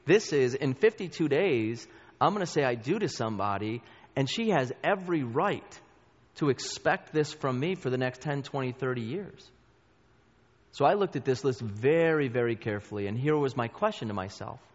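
A man's voice: mid-range voice, expressive, normal speed. Earnest man teaching in a reverberant hall. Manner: earnest, conversational, direct address to the group. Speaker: Bible study teacher. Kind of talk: church teaching talk. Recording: dull sound with long hall reverb.

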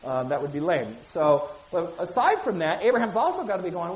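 A woman's voice: lowish voice, animated, a little fast, hardly any pauses. A woman giving a conversational Bible teaching. She reads scripture aloud with acted voices, then explains it casually, asks listeners questions and repeats key phrases. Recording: echoey room with hiss.

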